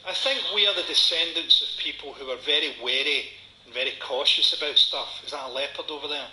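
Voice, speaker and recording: A man's voice: fairly high pitch, fairly quick. Sardonic Scottish man doing stand-up. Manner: dry, sardonic delivery with dark punchlines. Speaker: stand-up comedian. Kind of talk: stand-up comedy set. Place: comedy venue before a live audience. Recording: echoey venue with audience noise.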